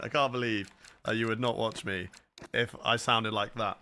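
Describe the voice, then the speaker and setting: A man's voice: lowish voice, fairly even intonation, moderate pace, pushed and bright, a little hiss or hum. A young man live-streaming a racing game, chatting casually and answering viewer questions between laps. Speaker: gaming streamer.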